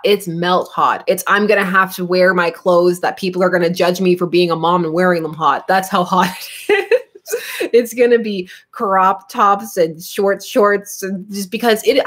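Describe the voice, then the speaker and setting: A woman's voice: medium pitch, fairly bright tone. A woman in her thirties from Canada with a Canadian accent, chatting casually on her comics livestream, laughing often between chatty asides.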